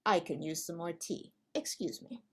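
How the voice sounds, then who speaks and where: A woman's voice: on the low side, lively intonation, moderate pace, breathy edge. A woman who speaks English as her first language, teaching at a whiteboard, patiently repeating a rule and asking playful questions. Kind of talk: slow, deliberate classroom explanation.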